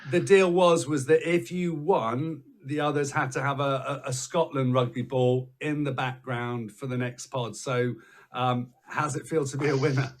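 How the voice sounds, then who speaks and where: A man's voice: medium pitch, fairly even intonation, normal speed. Man hosting a jokey panel chat. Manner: jokey, teasing, restarts phrases. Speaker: podcast host.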